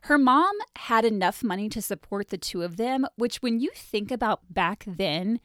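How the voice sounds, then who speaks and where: A woman hosting a podcast, telling a story from her notes in a wry, animated way between bits of casual chat. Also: medium pitch, moderate pace, dry recording, clean studio sound. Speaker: podcast host.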